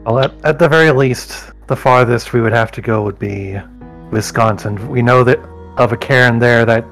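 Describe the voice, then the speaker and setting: An earnest, uncertain werewolf talks in halting restarts, as a man plays him. His voice sits mid-range, with faint music behind. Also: medium pitch, vocal fry, fairly bright tone. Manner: hesitant, stammering restarts.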